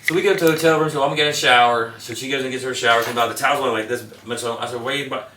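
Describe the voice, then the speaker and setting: Male interview guest, quick, rambling storyteller, recorded off-mic in a roomy space. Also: medium pitch, steady tone, pushed and bright, slight background noise. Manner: rambling anecdotes. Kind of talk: casual storytelling. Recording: echoey room, mic at a distance.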